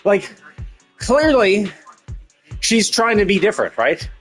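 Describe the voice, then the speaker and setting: A man's voice: high-pitched, big pitch swings, slow pace, soft background music. Exasperated, swearing male streamer. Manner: profane, exasperated ranting. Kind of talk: live gameplay commentary.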